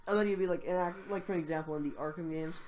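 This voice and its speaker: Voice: mid-range voice, steady tone, quick pace, darkish tone, a little hiss or hum. A teenager co-hosting a casual podcast, talking in a hesitant way with frequent restarts. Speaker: podcast co-host. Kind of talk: casual chat.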